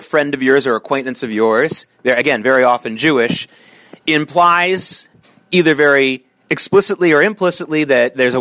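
A middle-aged man hosting a solo podcast monologue, with an animated delivery that swings from low, tired tones to sharp, emphatic peaks. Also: dry recording. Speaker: podcast host.

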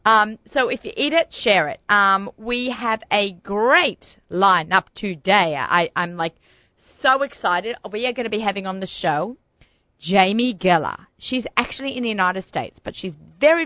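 A woman's voice: medium pitch, no room sound, dull audio. A woman hosting a radio talk show in a studio, chatty and bubbly, talking with lots of fillers.

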